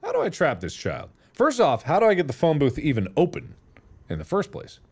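A man commentating a video game playthrough in a goofy, taunting way, swinging between loud shouts and mutters. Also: a little high, huge pitch swings, brisk, breathy edge. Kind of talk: let's play commentary.

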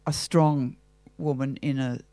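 A woman's voice: extremely low pitch, steady tone, measured pace, warm tone, dry recording. An older Australian woman, an actress talking thoughtfully and theatrically in an interview, asking herself questions as she goes. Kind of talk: reflective interview talk.

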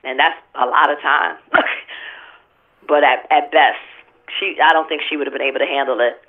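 A woman's voice: sits low, moderate pace. Blunt, profane woman on a tinny phone line. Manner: blunt, profane, animated storytelling. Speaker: interview guest. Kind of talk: candid interview talk.

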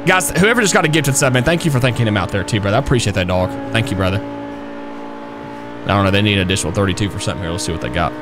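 Fired-up fast-talking male streamer. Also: fairly low pitch, over music. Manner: energetic, fired-up, slangy, talks to chat. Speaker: streamer playing a police officer. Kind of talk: live roleplay streaming.

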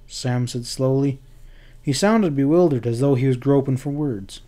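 A man reading a western novel aloud in steady, measured audiobook narration. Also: medium pitch.

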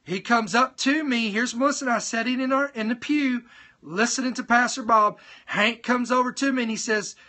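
A man preaching in a live-streamed sermon, telling his testimony in an animated way, speaking directly to his viewers and repeating points for emphasis. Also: extremely high pitch, moderate pace. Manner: animated storytelling, talks straight to viewers.

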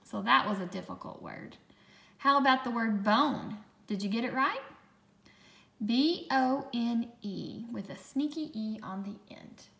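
Woman teacher, patient phonics lesson for kids, higher voice with a gravelly edge, echoey room. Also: fairly bright tone. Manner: slow, patient, sounds out dictation sentences word by word. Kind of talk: recorded phonics lesson for children.

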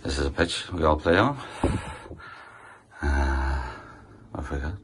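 A man's voice: extremely low pitch, slow, noisy background. A man with a Derry accent, giving a casual, rambling tour of his table football room, swearing freely. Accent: Northern Irish, Derry. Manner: rambling and offhand, with frequent swearing. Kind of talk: casual walkthrough chat. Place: indoor games room filled with memorabilia.

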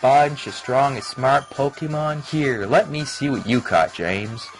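A man's voice: medium pitch, measured pace, faint music behind, voice pushed up, natural voice, poor audio. A man voicing a cocky young male rival trainer, taunting in a put-on Southern drawl. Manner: boastful, taunting.

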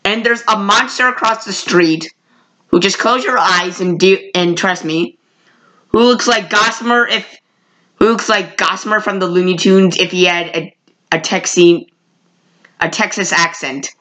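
Woman, vlogger, casual review, rambling, self-correcting, mid-range voice, sudden pitch jumps on exclamations. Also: unhurried, pushed and bright, low-quality recording. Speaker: vlogger reviewing old cartoons.

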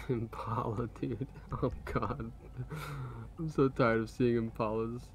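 A man's voice: medium pitch, slow pace. Man, mid-range voice, easygoing gaming-chat banter with frequent laughs, faint background noise. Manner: laughs often, joking and relaxed. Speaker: roleplay streamer.

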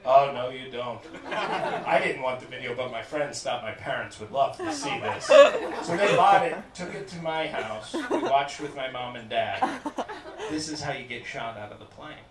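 At a moderate pace and in a mid-range voice, a young man performs a stand-up set, bringing a story to life by acting out its characters. Loud laughter from the crowd rings through the echoey club, picked up by a far-off mic.

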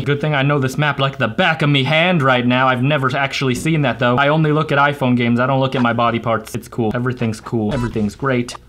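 A young man giving let's play commentary on a racing game, excitable and self-mocking, jumping between yelps and low mutters. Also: slight background noise. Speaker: gaming channel host.

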